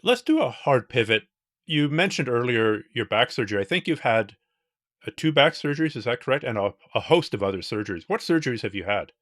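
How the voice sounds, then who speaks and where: A man hosting a podcast, talking through hypotheticals in an animated, casual way. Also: mid-range voice, fairly quick, dry recording, studio quality. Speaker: podcast host. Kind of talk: casual interview talk.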